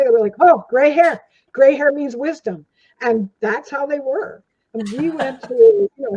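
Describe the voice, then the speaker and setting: A woman's voice: high voice, dark tone, breathy edge. An older woman, a guest in an interview, telling rambling stories with lots of fillers. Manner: rambling anecdotes with many fillers. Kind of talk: casual storytelling interview. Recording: dull lo-fi audio.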